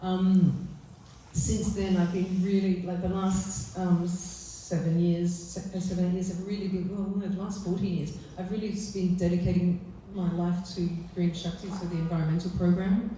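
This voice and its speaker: A woman author speaking softly and earnestly at a book launch, often pausing with fillers. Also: on the low side, little pitch movement, slight background noise. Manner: soft, heartfelt, halting with fillers. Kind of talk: conversational talk and poetry reading. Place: event venue. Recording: echoey room from far off.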